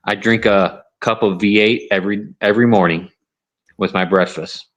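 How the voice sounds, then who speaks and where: A man with a fairly low voice joins a casual livestream panel. He teases and goads, speaks crudely, and often repeats himself. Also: fairly even intonation, moderate pace, a bit bright. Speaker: panel guest. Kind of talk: casual chat.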